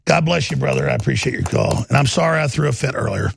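A man hosting a talk radio show, ranting in an agitated way that swings from mumbling to loud. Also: medium pitch, expressive, quick pace, creaky, slight background noise. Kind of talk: heated talk radio monologue.

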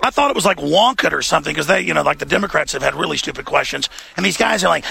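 Man, host, impassioned rant, high voice, gravelly fry, bright edge. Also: expressive, very fast, hardly any pauses, no room sound. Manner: impassioned, ranting. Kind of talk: talk show rant.

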